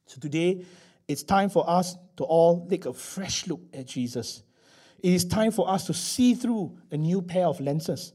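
High-voiced preacher. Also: male voice, measured pace, slightly rough. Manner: emphatic, rising and dropping between loud declarations and hushed asides. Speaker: pastor. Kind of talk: sermon.

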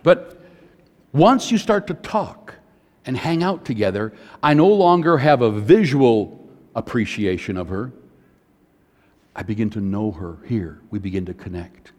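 A man's voice: fairly low pitch, animated, measured pace, darkish tone. An older man preaching a sermon, a conversational pastor who tells personal family stories to make his points. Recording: long hall reverb.

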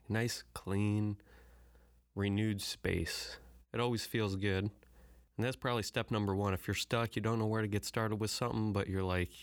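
A man's voice: lowish voice, dry recording, clean studio sound. A man talking to the camera in a rambling, joking way, with plenty of profanity. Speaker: vlogger. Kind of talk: casual chat.

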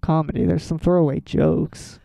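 A man co-hosting a casual chat about a film, relaxed and full of fillers like "like" and "um.". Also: a little high, moderate pace, vocal fry, no echo. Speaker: podcast co-host.

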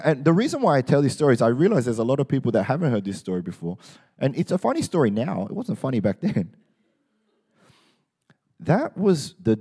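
A middle-aged Australian man preaching a sermon, telling stories in a joking, animated way. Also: medium pitch, slightly rough. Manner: animated, joking storytelling with laughs. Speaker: pastor.

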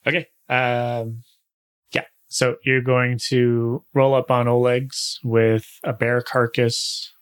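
A man's voice: mid-range voice, little pitch movement, takes it slowly, clear, resonant tone. A man acting as game master, narrating a tabletop game in a casual, wry, laid-back way.

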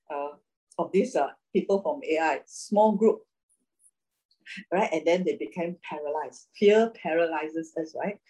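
A woman preaching a sermon, reading scripture and then talking about it in an animated way, laughing often. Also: medium pitch, breathy edge, poor audio.

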